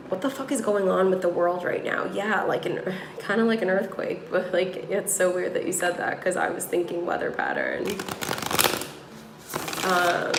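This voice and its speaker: A woman's voice: fairly low pitch, roomy sound, noisy background. A woman with a New York accent, livestreaming from her room as a tarot reader, rambling to her viewers with many fillers. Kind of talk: casual livestream chat. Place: room at home.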